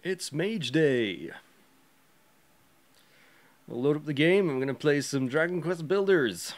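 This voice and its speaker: A man hosting a gaming livestream, chatting casually with viewers, greeting them by name and breaking into excited yelps. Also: on the high side, takes it slowly. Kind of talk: casual livestream chat while playing.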